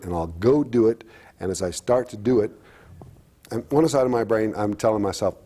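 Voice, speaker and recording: Mellow-voiced man speaking haltingly. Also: fairly low pitch, breathy edge. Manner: halting and reflective, with many restarts. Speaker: guest. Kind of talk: candid personal talk-show conversation.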